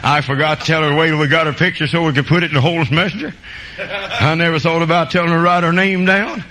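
A man preaching a sermon and telling folksy country stories, jumping between loud high bursts and low quiet asides. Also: steady tone, fast talker, rough recording.

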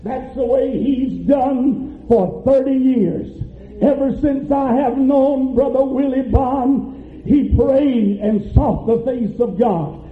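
High-voiced preaching pastor, echoey tinny church. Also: male voice, soft background music. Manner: preaching with rising fervor and drawn-out emphasis. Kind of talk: sermon. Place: church sanctuary.

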